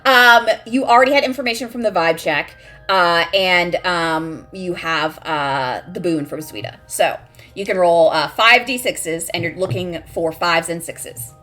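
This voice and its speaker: A woman running a tabletop role-playing game as game master, lively and halting with fillers when explaining rules. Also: fairly low pitch, faint music behind.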